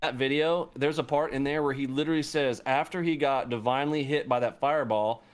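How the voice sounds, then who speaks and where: A man talking in casual chat, animated and profane, jumping into high-pitched outbursts when riled. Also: brisk, clear, resonant tone.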